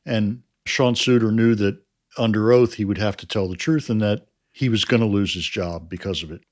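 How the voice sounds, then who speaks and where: Man, lowish voice, measured, explanatory, interview guest. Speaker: writer of a crime series. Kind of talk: interview answers.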